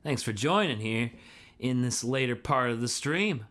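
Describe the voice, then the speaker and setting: A man's voice: medium pitch, animated, unhurried, a bit bright. A man who is a singer hosting a live stream, chatting casually with viewers in a laid-back, chatty way and laughing often.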